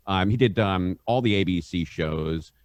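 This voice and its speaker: Middle-aged guy, low voice, dry close mic, rambling storyteller who laughs through his tales. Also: normal speed, dry recording. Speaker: guest, radio host. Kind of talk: casual anecdote telling.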